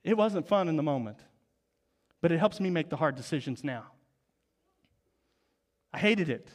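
A man in his forties preaching a sermon, telling stories and dropping to soft, low tones for emphasis. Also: lively intonation, normal speed. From Oklahoma, US. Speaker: pastor.

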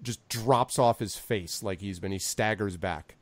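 A man's voice: on the low side, measured pace, no echo. A man narrating as game master in a tabletop game, hesitant and full of restarts. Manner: hesitant, full of fillers and restarts while describing scenes.

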